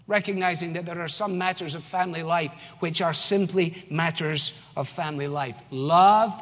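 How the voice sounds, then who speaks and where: A man's voice: a little high, fairly even intonation, moderate pace, hardly any pauses. A man with a Scottish accent preaching a sermon as pastor, in an emphatic, conversational way. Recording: long church hall reverb.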